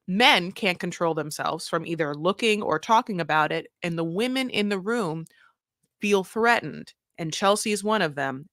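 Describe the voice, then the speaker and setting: A woman's voice: lowish voice, sharp tone, no echo. Opinionated woman ranting in a dry room. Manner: opinionated, run-on rants with casual swearing. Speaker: podcast co-host. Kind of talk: casual reality-show recap chat.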